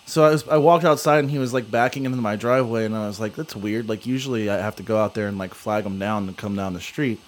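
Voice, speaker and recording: A young man telling a long story in casual chat, rambling with many fillers. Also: medium pitch.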